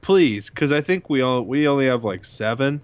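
A man's voice: mid-range voice, animated, normal speed, a little hiss or hum. A young man co-hosting a casual podcast, joking around and swearing freely. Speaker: podcast co-host. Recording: dull lo-fi sound.

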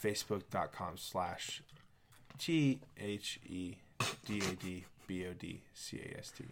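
Low-voiced crude male podcast co-host. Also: unhurried, a little hiss or hum. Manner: crude, swears a lot, jokey. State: drunk. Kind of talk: casual podcast chat.

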